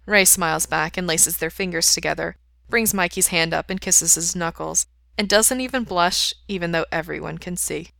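A woman reading fan fiction aloud in steady, even narration. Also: lowish voice, moderate pace, vocal fry, dry recording. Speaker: reader.

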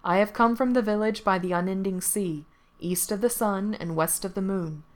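A woman's voice: medium pitch, moderate pace, close to an everyday voice. A woman voicing a bold, fearless young wandering hero who speaks with proud spirit.

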